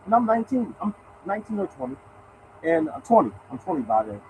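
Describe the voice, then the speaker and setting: Animated older man spinning a yarn. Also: sits high, fast, phone-quality sound, a little hiss or hum. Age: 60s. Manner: animated, colloquial, addresses viewers as y'all. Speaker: show host telling a story. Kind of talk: casual storytelling to viewers.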